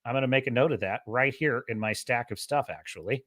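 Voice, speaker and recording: A man hosting a casual livestream, rambling and excitable, quick to laugh. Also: medium pitch. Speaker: show host.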